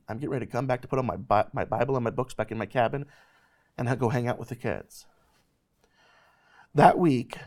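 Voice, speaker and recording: A man in his thirties, host of a ministry show, telling a personal faith testimony in an animated, emphatic way. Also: mid-range voice. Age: 30s.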